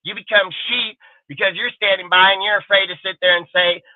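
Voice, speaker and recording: A man's voice: high-pitched, fairly even intonation, fairly quick, no room sound. A man hosting a live sports show, ranting heatedly and swearing constantly. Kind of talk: live stream rant. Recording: tinny phone-like sound.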